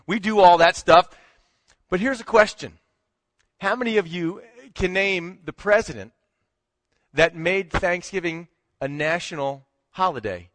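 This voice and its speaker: A man with a bright, somewhat high voice delivers a sermon, moving easily between scripture reading and funny everyday stories. His voice sounds close and dry at its core, but a long hall reverb trails behind it. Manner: conversational preaching with humorous storytelling. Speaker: pastor.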